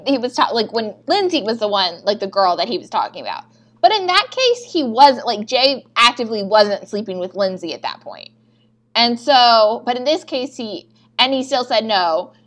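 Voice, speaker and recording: Young female podcast co-host, casual, animated, higher voice. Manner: animated retelling with quoted dialogue and swearing. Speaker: podcast co-host recapping episodes. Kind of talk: casual chat.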